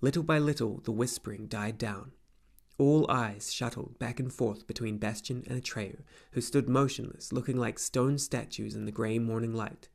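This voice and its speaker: A man reading a fantasy novel aloud as an audiobook narrator, in an even, measured way. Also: medium pitch, vocal fry. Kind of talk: scripted narration.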